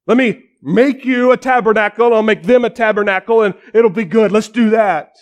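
A man's voice: high-pitched, normal speed, natural voice. A preacher voicing a flustered, chatty male disciple who stammers and blurts things out when scared. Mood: nervous eager. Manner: stammering, bumbling.

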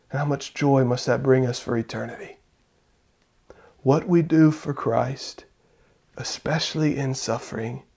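A male pastor preaching a sermon, building to loud fervent peaks and dropping to hushed, intimate passages. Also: medium pitch, vocal fry, husky.

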